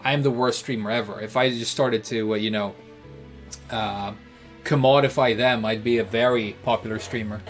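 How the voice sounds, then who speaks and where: A man from Britain with a British accent, a streamer chatting casually with viewers while playing, rambling and joking with frequent pauses. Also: fairly low pitch, steady tone, soft background music. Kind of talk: casual chat answering viewers while gaming.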